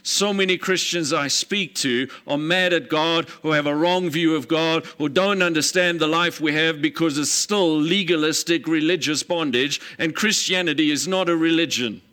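A male pastor preaching an emphatic sermon, retelling scripture scenes in a lively storytelling way. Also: on the high side, moderate pace, few pauses, smooth.

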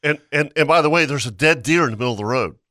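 A man chips in on a friend's hunting story, adding details and quick agreements. His tone is bright and sharp, and the sound is dry and close. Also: fairly high pitch, no room sound. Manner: adds details and short agreements. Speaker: friend chiming in. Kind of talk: casual chat.

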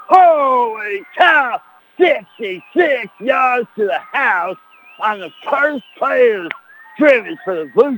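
A man's voice: mid-range voice, slight background noise, low-quality recording. Slangy hyped man calling football. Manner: slangy, tags lines with "man" and "baby", shouts touchdown calls. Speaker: guest commentator. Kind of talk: hyped radio football commentary.

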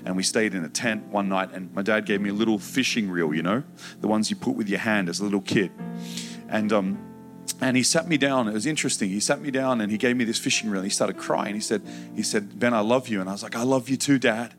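Preacher, male, low voice, emotional testimony storytelling, soft music under it. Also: brisk. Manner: emotional storytelling, acts out shouted childhood quotes. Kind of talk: personal testimony sermon.

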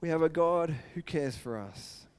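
A man with a notably high voice delivering a sermon as pastor. He speaks earnestly and retells the story with feeling, moving between narration and acted-out quotes. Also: lively intonation, unhurried, smooth.

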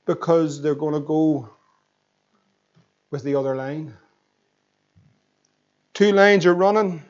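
A high-voiced Northern Irish pastor in his thirties preaches with fervent energy, pressing his listeners with emphatic questions. The recording sounds a little muffled and dull. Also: takes it slowly. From Northern Ireland. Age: 30s. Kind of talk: sermon.

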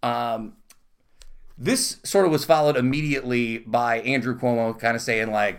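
A young man with a mid-range voice talks at a normal speed, co-hosting a casual podcast. He tells self-mocking stories and laughs as he goes.

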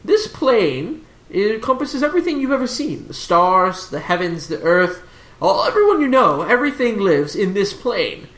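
A distracted, fussy wizard professor who loses the thread while he explains, as voiced by the game master. The voice swings widely in pitch. The recording has a roomy echo. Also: big pitch swings, normal speed, fairly bright tone. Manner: rambling, distracted scholar. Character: fussy absent-minded male wizard professor.

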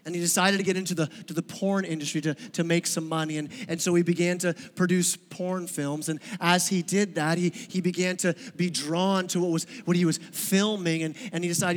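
A man's voice: high voice, steady tone, normal speed, big-room sound. A male pastor giving a sermon in a conversational, joking way, often asking the congregation questions. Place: church sanctuary.

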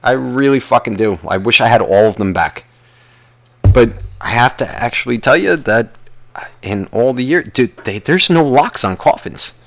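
A man's voice: medium pitch, lively intonation, moderate pace, creaky. A man hosting a podcast, telling a rambling comedic rant full of swearing and questions to himself. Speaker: podcast host.

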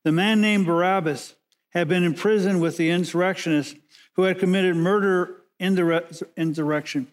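A man preaching a sermon as pastor, measured and emphatic, slowing down and pausing to stress key words. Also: sits high, steady tone.

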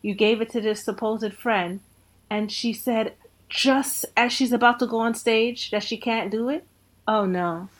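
A woman co-hosting a podcast in casual chat, halting and restarting as she voices her frustration. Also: fairly high pitch, steady tone. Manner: hesitant, halting, restarts when heated. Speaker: podcast co-host.

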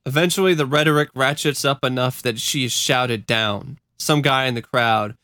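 A man's voice: mid-range voice, moderate pace, bright, forceful tone, no room sound, studio quality. A man co-hosting a podcast who talks casually and earnestly, with some swearing. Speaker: podcast co-host. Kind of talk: casual chat and storytelling.

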